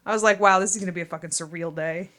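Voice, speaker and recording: Chatty woman podcaster, slightly low voice. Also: fairly even intonation, racing, sharp tone. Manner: chatty, laughs often, swears casually. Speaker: podcast co-host. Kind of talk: casual chat. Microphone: studio mic at desk.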